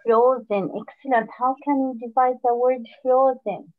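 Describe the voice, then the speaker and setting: A woman teaching a phonics lesson online, patient, full of praise, and repeating words slowly for her pupils. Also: a little high, fairly even intonation. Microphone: video call. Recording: dull lo-fi online call audio.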